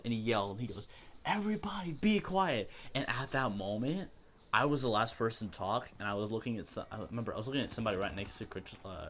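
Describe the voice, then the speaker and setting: Low-voiced teen guy telling stories. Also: fairly bright tone, slight background noise. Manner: storytelling, acts out quoted voices, laughs often. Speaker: podcast host. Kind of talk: casual chat.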